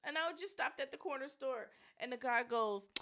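A woman co-hosting a casual podcast chat, an animated storyteller who laughs often. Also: high voice, normal speed. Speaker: podcast co-host.

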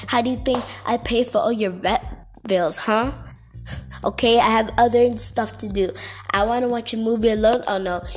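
Chatty exasperated woman vlogger. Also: a little high. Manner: chatty, exasperated, lots of "like" and "okay". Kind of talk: casual rant to camera.

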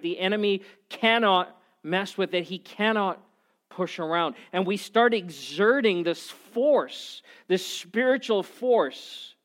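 Conversational preacher man, slightly high voice. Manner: animated storytelling, conversational. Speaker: pastor. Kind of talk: sermon.

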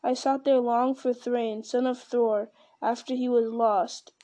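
A woman's voice: fairly high pitch, level tone, measured pace, warm tone, natural voice. A woman reading as a grave old wizard. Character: grave old male wizard, commanding and wise.

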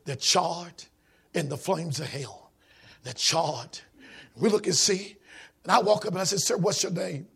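A preacher delivering a sermon, alternating rhythmic shouting with quieter storytelling in a raspy voice. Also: male voice, high voice, expressive, unhurried, pauses often.

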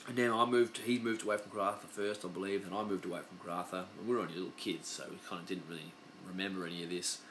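A man's voice: deep voice, fairly even intonation, very fast, hardly any pauses, a bit bright, slight background noise. Rambling, swearing Australian man. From Western Australia. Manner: loose, profane, chatty storytelling. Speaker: podcast host. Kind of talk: casual rambling monologue.

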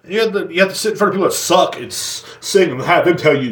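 A man's voice: fairly high pitch, lively intonation, fast talker, a bit bright, roomy sound. A man hosting a podcast, ranting crudely and rambling with heavy profanity. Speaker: podcast host. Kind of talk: comedic rant.

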